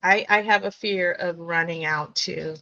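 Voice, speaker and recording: A woman's voice: fairly low pitch, fairly even intonation, unhurried, creaky, bright, forceful tone, no room sound, lo-fi sound. A woman co-hosting a casual beading livestream, reading out viewer comments and chatting with her co-hosts. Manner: friendly, reads out viewer comments. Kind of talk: casual chat.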